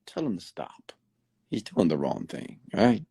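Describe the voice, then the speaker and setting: A man delivering a late-night motivational rant, preachy and repetitive, now and then jumping high to mimic other people. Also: a little slow, creaky, breathy edge, no echo. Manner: animated, mimics other people with sudden high-pitched outbursts; preachy, repeats phrases for emphasis. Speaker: motivational host. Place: Houston.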